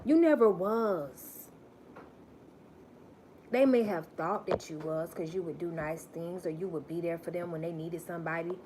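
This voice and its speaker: A woman's voice: fairly low pitch, moderate pace, background noise. Emphatic preachy woman on a live stream. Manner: emphatic and preachy, repeats phrases for stress. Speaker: spiritual reader live-streaming. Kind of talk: live-stream spiritual message.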